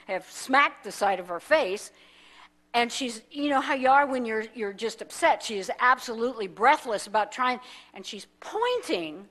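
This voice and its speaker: A woman's voice: fairly high pitch, fairly bright tone. A woman minister from the United States telling a story in a sermon, acting out the people in it as she goes. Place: church sanctuary.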